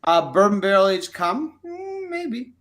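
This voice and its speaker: High-pitched guy thinking out loud about which card fits. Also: sing-song, unhurried. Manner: muses aloud over card choices. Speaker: card game player. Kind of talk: casual chat while playing.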